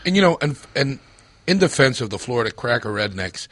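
A man on a radio talk show, dropping quick plugs and short agreeing remarks. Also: mid-range voice, sing-song, a bit bright, dry recording. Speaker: radio show co-host guest. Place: radio studio.

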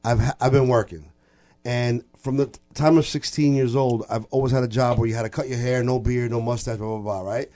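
A man's voice: medium pitch, a little fast. Retired man from the new york area, middle-aged, rambling storyteller, casual podcast chat. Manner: rambling, animated storyteller who acts out quotes. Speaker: podcast guest.

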